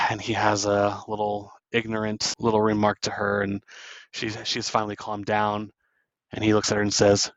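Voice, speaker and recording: A man's voice: fairly low pitch, completely flat delivery, normal speed, fairly bright tone, no echo, muffled recording. A man hosting a casual podcast, retelling movie scenes and briefly acting out the characters' lines. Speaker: podcast host. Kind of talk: casual movie recap chat.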